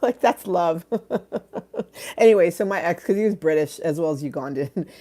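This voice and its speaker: Rambling woman with a low, mellow voice. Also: lively intonation, moderate pace. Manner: rambling, swears casually, reads out comments. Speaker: livestream host. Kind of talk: casual livestream chat. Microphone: phone.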